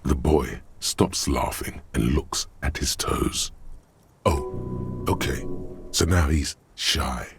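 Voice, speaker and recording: An actor voicing a sardonic male inner voice that narrates a game in a dry, mocking way, with a gravelly tone. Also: very deep voice, slow, soft background music, full character voice.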